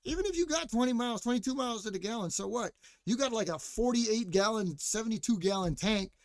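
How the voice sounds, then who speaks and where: A man with a high voice rants as a podcast host, swearing freely and mocking his listeners, with filler words everywhere. The sound is dry and close, with no room around it. He also breaks off now and then to answer someone off-mic. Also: animated, fast talker, no room sound. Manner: profane, mocking rant with frequent fillers; responds to chat or co-host mid-rant. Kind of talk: casual ranting monologue.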